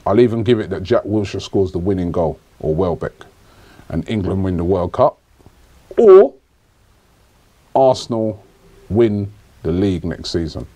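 A man's voice: sits low, lively intonation, a little slow, long pauses, dark tone. A man hosting a casual podcast chat, teasing his guest, laughing and repeating points to needle him. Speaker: podcast host.

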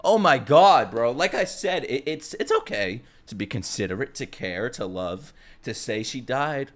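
A young man with a New York accent vents straight to his viewers in an exasperated, profane rant. His pitch leaps up and drops back down as he argues. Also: big pitch swings, moderate pace. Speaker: YouTuber. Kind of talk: ranting vlog.

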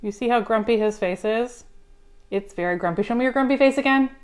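A woman reading a picture book aloud at a preschool storytime, gently coaxing the children with questions. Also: a little high, brisk. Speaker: children's librarian.

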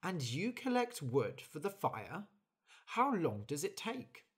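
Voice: medium pitch, big pitch swings, slow, breathy edge, voice pushed up, full character voice. A storyteller voicing a nosy female bird who keeps asking probing questions. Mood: curious.

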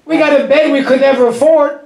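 Middle-aged male pastor with a very high-pitched voice, folksy, chuckling storyteller, echoey church room. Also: fairly even intonation, quick pace, creaky, darkish tone. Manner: call-and-response with the congregation. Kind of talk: sermon.

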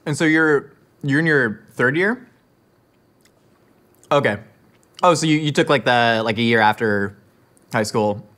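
A man's voice: mid-range voice, unhurried, long pauses, fairly bright tone. A man in the middle of his range rambles through awkward dinner-table small talk. He trips over fillers and restarts and drifts from topic to topic, with no note of any recording fault. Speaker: host. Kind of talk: scripted comedy monologue to camera.

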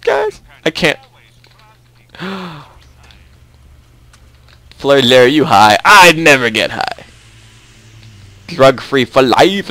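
A man's voice: mid-range voice, fairly bright tone. A young man hosting a casual game commentary, chatty and rambling, often repeating himself. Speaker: let's play host.

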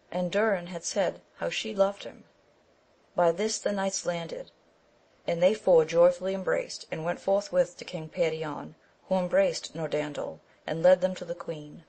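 A woman narrating an audiobook of an old romance in a steady, measured reading. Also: lowish voice, poor audio. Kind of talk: scripted narration.

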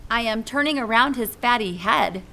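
A woman reading aloud and voicing a bossy, excitable little girl of about five, loud and emphatic. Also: a little high, moderate pace, vocal fry, heavily acted. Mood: huffy.

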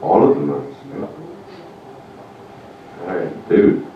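An Irish man doing stand-up comedy in a rambling, deadpan way, on a comedy club stage. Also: rumbling low, takes it slowly, phone-quality sound, a little hiss or hum. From Ireland. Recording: echoey club room, mic far off.

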